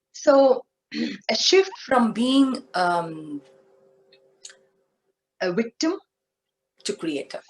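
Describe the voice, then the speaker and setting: A woman giving a motivational spiritual talk, speaking deliberately and asking her listeners questions. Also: mid-range voice, rough recording. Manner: slow, deliberate, asks the audience questions.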